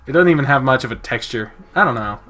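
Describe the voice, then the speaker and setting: A young man reading a visual novel aloud and riffing between lines. His talk is casual and joking, loose with swear words, at a middling pitch for a man. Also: expressive, fast talker, bright, forceful tone. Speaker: game streamer.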